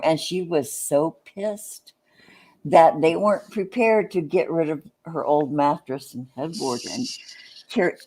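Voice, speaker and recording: A woman's voice: low-pitched, unhurried, dark tone. Rambling woman telling a story. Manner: rambling storyteller, many restarts. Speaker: live stream chat participant. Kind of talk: casual chat.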